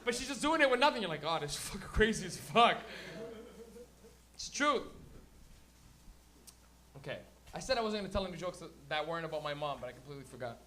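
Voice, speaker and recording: Male stand-up host, crude and rambling, acts out bits; high, bright voice. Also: lively intonation, quick pace, pauses often, slight background noise. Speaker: stand-up comedian and show host. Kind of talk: live stand-up comedy. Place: comedy venue before a live audience.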